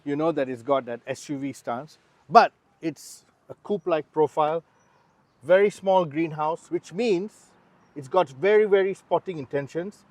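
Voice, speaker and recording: Man, car reviewer, chatty, explanatory, a bit high voice, dry close sound. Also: normal speed, no echo. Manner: chatty, explanatory, talks straight to the viewer. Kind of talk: casual car review walkaround. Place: beside and then inside a car.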